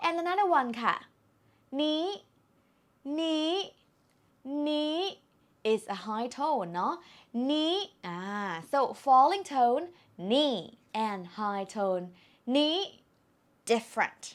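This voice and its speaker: A woman with a Thai accent teaches an online language lesson in a slightly high, sing-song voice. She speaks slowly and carefully, repeating words to demonstrate their tones.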